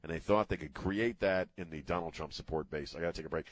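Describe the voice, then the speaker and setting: A man's voice: deep voice, quick pace, dry recording. Sarcastic male talk radio host. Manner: sarcastic, mocking.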